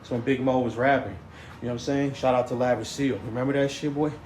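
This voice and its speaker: This man talks fast in a medium-pitched, slightly mellow voice with fairly even intonation. He rambles through a casual story, stammering, restarting and repeating "you know what I'm saying," in an echoey room with faint noise.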